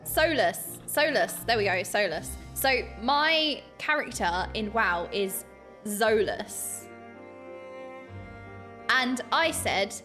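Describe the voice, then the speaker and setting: A woman's voice: on the high side, lively intonation, slow, pushed and bright, soft background music. A young British woman with a British accent chatting animatedly while streaming a game, bursting into laughs and mock outrage. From United Kingdom.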